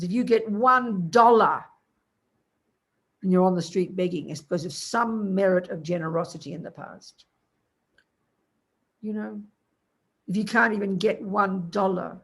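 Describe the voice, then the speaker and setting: Husky older Australian woman teaching. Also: mid-range voice. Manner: blunt, colloquial, teasing, calls listeners darling and sweetie pies. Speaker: Buddhist nun teacher. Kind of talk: dharma teaching to a class.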